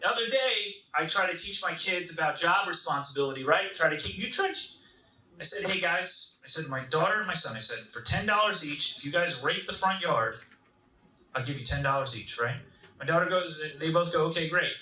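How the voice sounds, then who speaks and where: A man in his thirties doing a stand-up comedy set, animated and leaping into high voices to quote others, with audience laughter behind him. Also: a little fast, recorded from a distance. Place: comedy club stage. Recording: roomy stage sound from off-mic.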